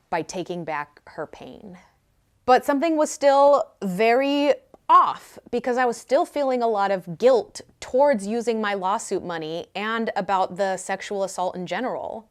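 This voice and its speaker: A young woman tells her own story straight to camera, speaking candidly and now and then cracking self-mocking jokes. Her voice sits at an ordinary middle pitch. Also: normal speed. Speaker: vlogger. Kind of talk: personal storytelling.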